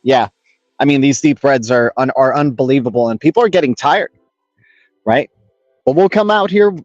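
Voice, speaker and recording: A man's voice: mid-range voice, normal speed, no echo. A man hosting a casual crypto livestream, rambling upbeat and greeting viewers by name, on an external mic plugged into a phone. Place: home setup in Los Angeles. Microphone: external mic on a phone stream. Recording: dull lo-fi phone stream with music.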